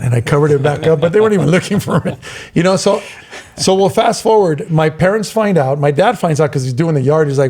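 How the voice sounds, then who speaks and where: He talks fast in a voice on the high side, a middle-aged podcast co-host from Southern California. The long story he tells is casual and animated, with the voices of the people in it acted out.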